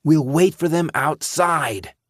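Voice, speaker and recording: A man's voice: a little high, slow pace, dry recording, studio quality, pitched above the performer's own voice. A man voicing a cautious, wary teenage boy in a raised, lighter voice. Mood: uneasy.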